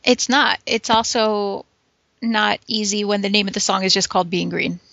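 A woman's voice: medium pitch, steady tone, normal speed, bright, forceful tone, no room sound. A woman co-hosting a casual chat, chatty and agreeable. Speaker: podcast co-host. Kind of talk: casual chat reviewing TV episodes. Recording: dry, dull lo-fi podcast recording.

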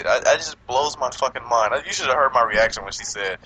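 A man hosting a casual movie podcast, rambling and profane, acting out quotes and laughing loudly. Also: mid-range voice, animated, fast talker, few pauses, rough recording.

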